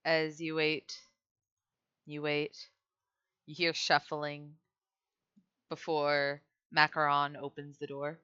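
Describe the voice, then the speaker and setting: Bright low-voiced woman game master. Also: completely flat delivery, slow, long pauses, clean tone, no room sound, dull audio. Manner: laughs often, casual narration. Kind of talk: narrating a tabletop game.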